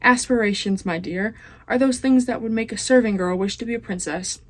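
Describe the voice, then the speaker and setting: A scheming male rat villain from a storybook, silky and overly polite, as a teenage girl reads him. His voice sits higher and louder than the narration around it, every word courteous and calculating. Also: brisk, natural voice. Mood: smooth, scheming. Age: teens.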